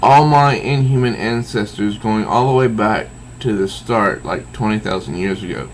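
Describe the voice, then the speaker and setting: A man's voice: on the low side, normal speed, a little hiss or hum, lightly acted, poor audio. A man voicing an odd young man with ancestral memory powers, speaking casually and hesitantly. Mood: offhand. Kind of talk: reading comic dialogue aloud.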